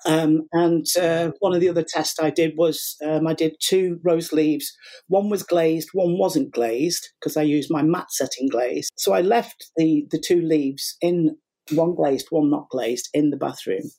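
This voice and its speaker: A middle-aged man speaks as a guest in a relaxed interview. His voice is mellow and a little husky. He tells stories with lots of energy, often acting out what other people said and stopping to restart his sentences. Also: a little high, measured pace. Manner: animated, acts out quotes, many restarts. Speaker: guest, sugar flower artist. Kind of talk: casual interview storytelling.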